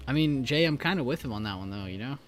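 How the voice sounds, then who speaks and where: A man's voice: medium pitch, animated, quick pace, soft background music. A man hosting a live stream, chatting casually about trades with frequent fillers and easy laughter. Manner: laid-back, chatty, laughs easily, many fillers. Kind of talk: casual chat while reviewing trades. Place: home studio in Texas.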